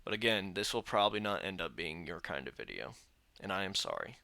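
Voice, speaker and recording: A man's voice: low-pitched, sing-song, fairly quick, vocal fry, sharp tone, no room sound. A tired young man hosting a reaction vlog, talking casually to a phone camera from his room and grumbling about his day. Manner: weary and grumbling, venting frustration. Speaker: reaction channel host. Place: indoor room, seated.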